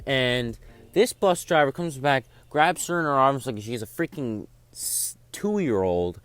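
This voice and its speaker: A man's voice: mid-range voice, lively intonation, a little slow, a bit bright, smooth, faint music behind. A teenage guy telling a school story casually, rambling with lots of fillers. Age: teens. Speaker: vlogger. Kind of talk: storytime vlog.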